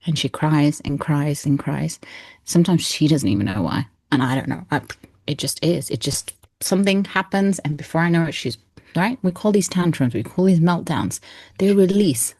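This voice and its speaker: A woman's voice: low-pitched, normal speed, darkish tone, husky, dry recording. A woman in her thirties, a coach speaking earnestly and expressively as an interview guest, often laughing. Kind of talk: heartfelt interview talk.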